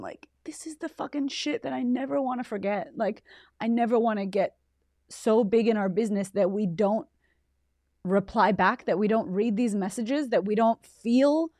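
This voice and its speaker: This podcast host's voice is mid-range and a little mellow, captured without echo. Emotional and near tears, she delivers a casual, heartfelt monologue of effusive thanks, cursing liberally throughout.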